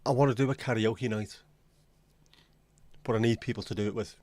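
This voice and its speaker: A man's voice: fairly low pitch, fairly even intonation, brisk, a little mellow, no echo. A man hosting a casual livestream, chatting to viewers with crude, self-mocking jokes. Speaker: livestream host.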